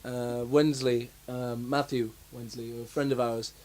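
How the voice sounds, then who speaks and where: A man's voice: mid-range voice, little pitch movement, a little slow, a little mellow. A young man co-hosting a casual chat about films, rambling with lots of fillers and restarts. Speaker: podcast co-host.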